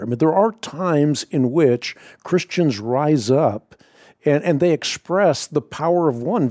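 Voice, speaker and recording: Radio host, male, warm mellow voice, tells stories with heartfelt emphasis. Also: medium pitch, no echo, studio quality. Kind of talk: radio talk show.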